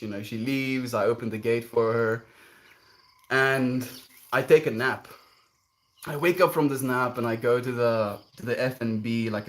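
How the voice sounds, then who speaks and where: Man, streamer, casual rambling storytelling, repeats himself, mid-range voice. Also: medium pitch. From South Africa. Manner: rambling, repeats words, animated.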